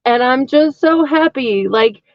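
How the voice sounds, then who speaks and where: A woman's voice: sits high, expressive, a little slow, dry recording. Rambling woman streamer, dull lo-fi sound. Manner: chatty and rambling, many fillers and likes. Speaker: live streamer. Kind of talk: casual live-stream chat.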